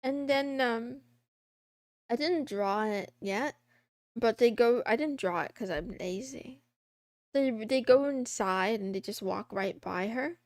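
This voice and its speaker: A woman streamer with a high, slightly gravelly voice, rambling casually as she draws. She talks in an unhurried way, giggling at her own jokes, with a dry, close sound. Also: dry recording. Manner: rambling, giggly, joking with herself. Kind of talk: casual chat while drawing a comic.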